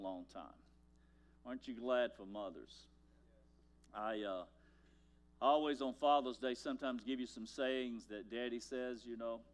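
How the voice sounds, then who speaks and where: An older man preaching a sermon as pastor, telling folksy stories and swinging from loud lines to hushed ones. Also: medium pitch.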